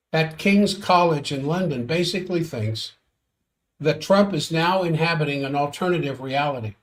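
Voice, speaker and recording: High-voiced man giving sardonic commentary. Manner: exasperated, sardonic, reads out quotes. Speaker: commentator on world affairs. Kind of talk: solo political commentary stream.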